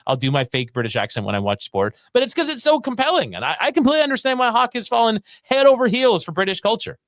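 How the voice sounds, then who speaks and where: A high, very lively man's voice chatting on sports radio as a guest broadcaster. He talks in animated bursts with quick restarts. The sound is close and dry on a studio mic. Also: dry recording. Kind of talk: casual sports radio chat.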